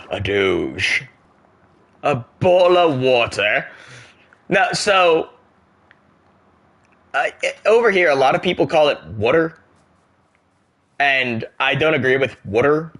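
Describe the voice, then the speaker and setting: Bright-voiced American man chatting while gaming. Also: on the high side. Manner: joking, reacts out loud, chats with viewers. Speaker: streamer. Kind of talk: casual chat while gaming.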